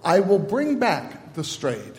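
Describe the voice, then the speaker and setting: High-voiced pastor in echoing church. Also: male voice, huge pitch swings, darkish tone. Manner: halting announcements, then measured liturgical cadence. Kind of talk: leading a church liturgy. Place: church sanctuary. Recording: long reverb of a large church.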